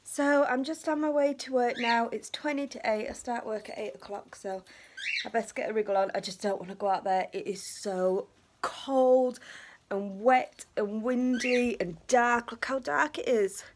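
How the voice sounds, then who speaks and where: A middle-aged woman vlogs her day, chatting casually to camera at a moderate pace with slight background noise. Now and then she coos at her pet birds in a high sing-song voice.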